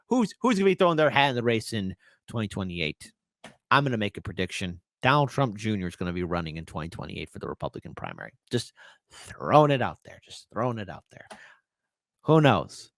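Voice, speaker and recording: A man hosting a livestream with political commentary, ranting in an animated, sarcastic way. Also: fairly low pitch, fast talker, dry recording, studio quality.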